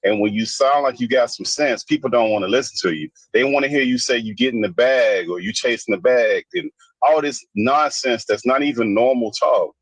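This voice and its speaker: Blunt ranting man, husky voice. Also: medium pitch, dry recording, poor audio. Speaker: commentator. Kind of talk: opinionated casual commentary.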